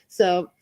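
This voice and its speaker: A woman hosting an online show, chatting casually as she signs off, halting with many fillers and frequent laughs. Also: medium pitch, warm tone, husky, lo-fi sound. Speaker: show host. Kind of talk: casual live-stream sign-off chat.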